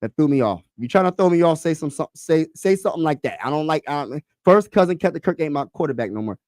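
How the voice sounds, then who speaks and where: A man hosting a casual sports talk livestream, excitable and slangy, repeating himself and talking to his chat. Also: on the high side, fast talker, no echo, studio quality.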